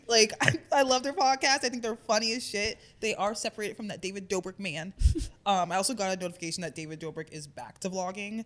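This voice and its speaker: A woman's voice: medium pitch, fast talker, a bit bright. A young woman co-hosting a podcast, chatting casually with lots of fillers and laughter. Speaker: podcast co-host. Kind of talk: casual chat.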